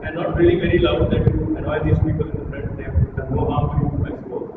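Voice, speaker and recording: A man with a fairly high voice gives teasing, animated feedback to a speaker in front of a small audience. He sounds far from the mic in a long-ringing meeting room. A loud background hiss and passing traffic come through. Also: fast talker, narrow, tinny audio. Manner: animated, playful, teasing, demonstrative. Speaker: speech evaluator at a public speaking club. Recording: echoey distant room recording with loud ambient hiss.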